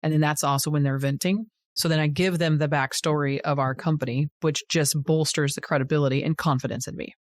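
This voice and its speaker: A woman co-hosting a casual business podcast, setting up scenarios and asking steady questions. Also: sits low, brisk, hardly any pauses. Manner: interviewing, steady prompting questions. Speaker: co-host.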